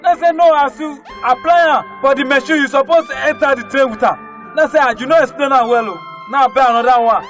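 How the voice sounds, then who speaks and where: A man with a Nigerian accent, a comedian telling a funny story in pidgin, animated and sing-song. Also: extremely high pitch, brisk, soft background music. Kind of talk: comic storytelling.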